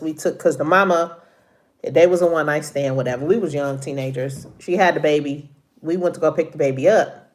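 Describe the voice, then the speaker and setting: Chatty middle-aged woman, lowish voice. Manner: chatty, laughs often, Southern US vernacular. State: congested from allergies. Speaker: live-stream host. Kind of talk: casual live-stream chat with viewers.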